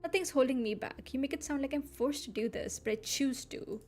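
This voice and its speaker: A woman reads aloud as a proud, prickly female vampire who snaps back when her self-control is doubted. The voice is fairly high, with faint music behind it. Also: brisk, a little mellow. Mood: firm. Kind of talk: reading game dialogue aloud.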